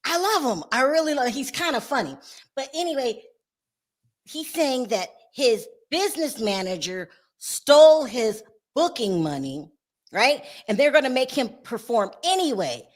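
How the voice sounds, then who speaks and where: A woman hosting a casual gossip chat, animated and laughing often as she talks straight to her viewers. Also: sits high, unhurried. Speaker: show host.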